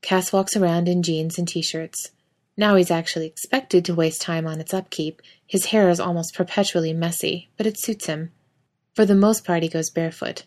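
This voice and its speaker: A woman reading fan fiction aloud in a soft, even narrating manner, speaking the quoted dialogue gently. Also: fairly low pitch, moderate pace. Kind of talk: audiobook-style story reading.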